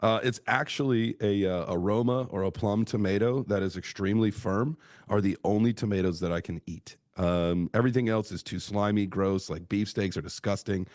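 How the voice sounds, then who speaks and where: A man's voice: lowish voice, moderate pace, a little mellow, no echo, studio quality. A man hosting a podcast in a casual, rambling, laid-back way, with some swearing. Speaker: podcast host. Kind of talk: casual chat.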